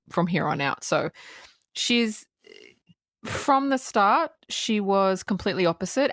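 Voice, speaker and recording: A woman co-hosting a podcast in casual film-review chat, retelling scenes in an animated way with frequent laughs and swearing. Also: on the low side, dry recording, clean studio sound. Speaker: podcast co-host.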